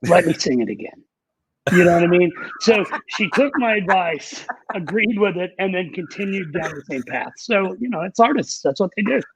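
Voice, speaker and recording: A man's voice: sits high, normal speed, hardly any pauses, slightly rough, poor audio. A man who works as a recording engineer and producer, telling candid, profane studio anecdotes in a casual interview. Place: Nashville.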